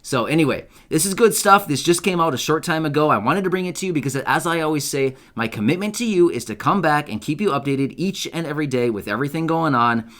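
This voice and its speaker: A man hosting an online news channel, talking casually and excitedly to his viewers and often checking for agreement. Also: on the high side, quick pace, few pauses. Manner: chatty, upbeat, asks viewers for agreement with repeated "right?"; loose, self-correcting delivery with fillers and restarts. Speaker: YouTube news host. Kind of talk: casual direct-to-camera commentary.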